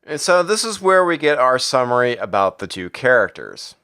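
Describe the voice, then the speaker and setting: A man's voice: medium pitch, sing-song, normal speed, pushed and bright, clean tone. A man recapping a comic book in a casual, crude, sarcastic way. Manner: profane, sarcastic, jumps into character voices.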